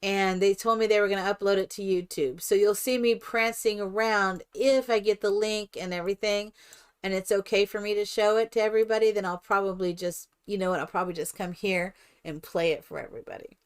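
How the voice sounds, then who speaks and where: An older woman streaming herself playing a game, chatting in a rambling, animated storytelling way. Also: mid-range voice, fairly quick, clean tone. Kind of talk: casual chat while playing a life-simulation game.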